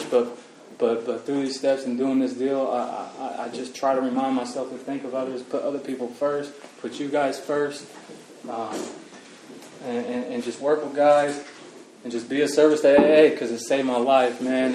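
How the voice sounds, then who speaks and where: A man sharing his recovery story at a meeting, halting and earnest with many restarts, emotional. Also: medium pitch, darkish tone, a little hiss or hum. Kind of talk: personal recovery testimony. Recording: roomy echo, far from mic, faint ambience.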